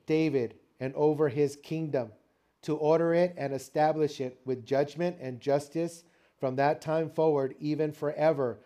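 An older man delivers a sermon with a fairly high, mellow voice. He preaches in an animated, storytelling way, calling out to the congregation and pausing for their answers. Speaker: pastor.

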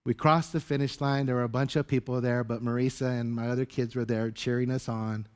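A man preaches to his congregation in a relaxed, storytelling manner, calling them beloved. His voice sits at an ordinary middle pitch, and he talks informally, like he is chatting. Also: fairly quick, smooth. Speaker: pastor. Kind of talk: conversational sermon with a personal story.

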